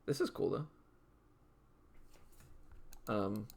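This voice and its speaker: A man's voice: lowish voice, animated, drawn-out words, creaky, a little mellow, slightly rough. A young man giving casual gameplay commentary, listing names in a dry, matter-of-fact way with amused asides. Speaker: gaming video creator.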